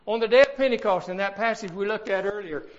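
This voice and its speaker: With a high voice and dull-sounding audio, an older preacher delivers his sermon forcefully. His volume swells, and he stretches out the words he wants to stress.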